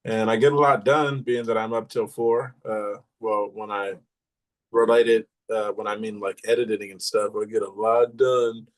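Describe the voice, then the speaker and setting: A man's voice: fairly low pitch, flat delivery, normal speed. Easygoing teasing podcast host, man. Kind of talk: casual chat.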